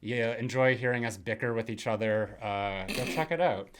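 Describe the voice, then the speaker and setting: A man's voice: lowish voice, moderate pace, background noise. A man hosting a horror film podcast, chatting casually and rambling with many fillers. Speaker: podcast host. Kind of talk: casual chat.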